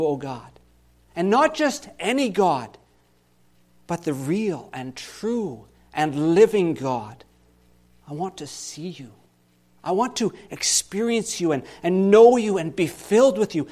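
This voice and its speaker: A man voicing an anguished male psalmist in a dramatic scripture reading, impassioned, swinging between loud pleas and hushed lows.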